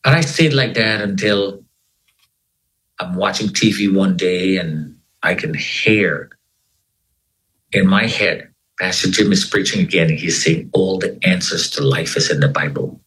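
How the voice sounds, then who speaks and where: A man with a very deep, low voice tells his story in an interview. He speaks earnestly, quotes scripture, and his pitch jumps when he gets excited. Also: a little slow, poor audio. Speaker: interview guest. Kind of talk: personal testimony in conversation.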